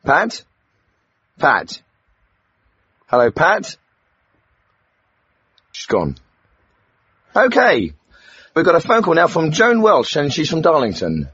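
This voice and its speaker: A man hosting a comic radio phone-in, brisk and interjecting. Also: a little high, huge pitch swings, a bit bright, breathy edge, dry recording. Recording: dull dry studio sound.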